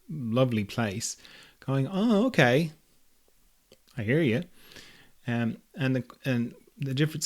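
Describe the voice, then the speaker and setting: A man talks through a reflective spiritual monologue in a gentle, playful way, chuckling now and then. His pitch sits in an ordinary middle range for a man. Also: gravelly. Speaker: host.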